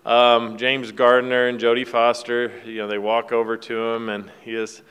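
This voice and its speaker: A man's voice: medium pitch, monotone, moderate pace, a bit bright, smooth. A man giving a casual devotional talk, retelling a film scene in a folksy, rambling way with fillers and restarts. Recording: long hall reverb.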